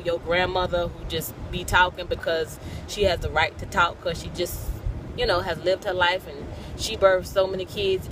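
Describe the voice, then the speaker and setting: A woman's voice: lowish voice, background noise. A mother chatting animatedly in a casual vlog, recorded on a phone inside a moving minivan. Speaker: mother and vlogger. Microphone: phone camera.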